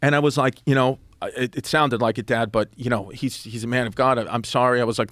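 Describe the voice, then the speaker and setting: A man's voice: mid-range voice, no echo. A middle-aged man, telling a comic story on a podcast and acting out quotes. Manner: animated, fast storytelling with acted-out quotes. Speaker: comedian guest. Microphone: studio podcast microphone.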